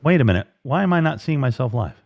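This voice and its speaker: A man's voice: mid-range voice, very animated, fast, darkish tone, no room sound. Rambling man on a dull lo-fi stream. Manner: rambling, with many fillers and restarts. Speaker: live-stream host. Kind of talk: casual live-stream chat.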